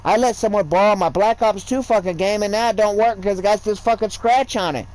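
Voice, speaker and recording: A man's voice: high-pitched, fairly quick, a little mellow, rough recording. A man streaming a game and talking casually, in a profane, rambling, lecturing way. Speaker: gaming streamer. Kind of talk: casual livestream rant.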